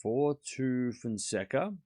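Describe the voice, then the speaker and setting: A man's voice: mid-range voice, lively intonation, slow, mellow, no echo. Guy streaming tennis, bouncy voice, dry close sound, joking with chat. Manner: chatty, teasing the chat, calls points as they happen. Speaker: streamer calling a tennis watchalong. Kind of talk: casual live-stream commentary.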